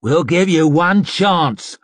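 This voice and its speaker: Man doing a rough rioter, barking threats, loud, husky. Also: fairly high pitch, animated, takes it slowly, no room sound, studio quality, voice pushed up. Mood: menacing. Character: brutal shouting mob of male rioters.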